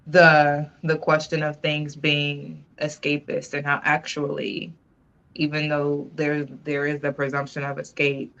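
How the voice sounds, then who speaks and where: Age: 20s. Sex: woman. Role: livestream host. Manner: chatty, teasing. Pitch: fairly low. Mic: desk mic at a computer. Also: creaky, fairly bright tone, highs cut off. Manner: chatty and teasing, with drawn-out words. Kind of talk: casual chat with a co-host.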